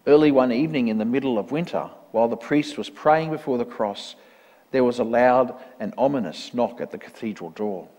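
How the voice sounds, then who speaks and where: Man, church reader, measured and earnest storytelling, mid-pitched voice, long hall reverb. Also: warm tone. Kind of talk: reading a parable aloud.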